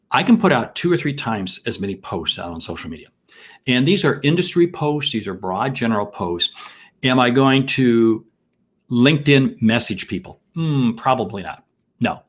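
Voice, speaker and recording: A middle-aged American man hosting a live sales masterclass, enthusiastic and full of rhetorical questions and shout-outs to viewers. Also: mid-range voice, slightly rough. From United States. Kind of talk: energetic live-stream teaching.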